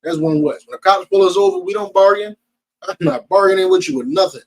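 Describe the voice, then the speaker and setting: A man's voice: high voice, expressive, fast talker, vocal fry, a little mellow, a little hiss or hum, poor audio. A man with a New Jersey accent preaching to a group in an emphatic, streetwise, slangy way.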